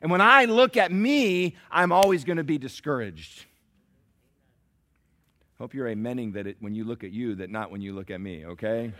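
A man preaching a sermon as pastor, swinging between shouted climaxes and hushed, slow asides. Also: mid-range voice, expressive. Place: church sanctuary.

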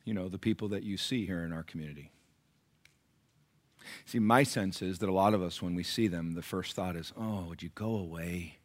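A middle-aged man, a pastor, preaching a sermon that moves between quiet storytelling and loud, high-pitched exhortation. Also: a little fast, pauses often.

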